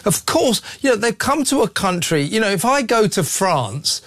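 A man's voice: high-pitched, normal speed, no room sound. Sarcastic man hosting talk radio. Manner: sarcastic, mocking, animated. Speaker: radio talk show host. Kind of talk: opinionated talk radio chat.

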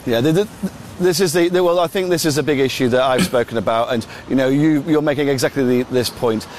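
Political guest: man, steady mid voice, hesitant fillers, faint outdoor hum. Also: mid-range voice, fast talker.

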